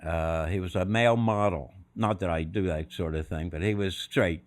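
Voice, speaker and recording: Older man telling animated stories. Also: deep voice, normal speed. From Philadelphia. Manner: animated, acts out quoted voices, many fillers and restarts. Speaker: podcast guest. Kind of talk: casual storytelling.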